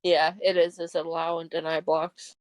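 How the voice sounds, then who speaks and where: A woman's voice: low voice, flat delivery, normal speed, no echo. A young woman co-hosting a podcast, chatting in an easygoing, affirming way. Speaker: podcast co-host. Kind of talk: casual chat.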